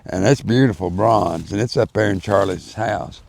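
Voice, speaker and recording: A low-voiced older man with a drawl and a gravelly edge. He rambles through folksy stories in a casual interview, full of fillers and asides. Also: normal speed, a little mellow. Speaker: interview guest. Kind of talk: storytelling in casual chat.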